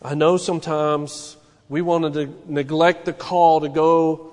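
A male pastor preaching with a high, ringing voice that carries through a church sanctuary with a long echo. He moves from hushed, earnest stretches to loud, fervent peaks, pressing his points home to the congregation. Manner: impassioned, rising and falling preaching delivery. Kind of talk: sermon.

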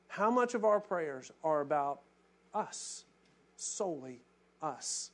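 A male pastor preaching a sermon, acting out quoted prayers with passion and dropping to hushed, reflective tones. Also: a little high, lively intonation, slow.

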